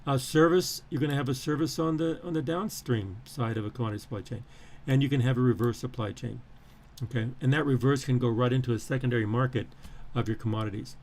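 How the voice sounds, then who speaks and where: A man's voice: mid-range voice, fast, a little mellow. A man teaching a live-streamed class, walking students through his syllabus in a rambling way with many fillers and restarts, repeating key phrases for emphasis. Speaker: professor.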